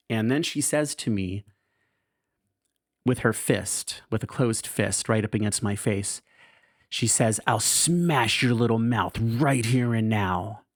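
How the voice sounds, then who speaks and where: A man's voice: lowish voice, no room sound, clean studio sound. A man hosting a podcast, candidly reading his caregiving diary aloud in a wry, self-mocking way, swearing casually. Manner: frank and wry, swears casually, laughs at himself.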